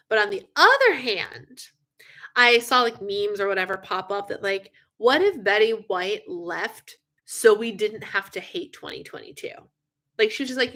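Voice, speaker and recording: Young woman, live stream host, bright clear voice, chatty and animated, yawny. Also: mid-range voice, unhurried. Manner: chatty, animated, yawning often, many fillers. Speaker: livestream host. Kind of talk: casual live chat with viewers.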